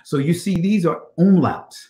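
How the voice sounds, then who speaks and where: A man's voice: fairly high pitch, very animated, normal speed, dark tone, reverberant. A man teaching a scripture study lesson on ancient Hebrew, reading passages aloud and checking in with "all right?" and rhetorical questions.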